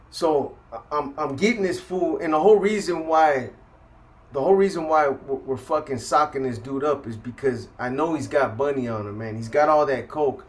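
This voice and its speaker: A man telling a rough story in casual, profane street slang, reenacting the people in it as he goes. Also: mid-range voice. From California. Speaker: storyteller recounting prison life.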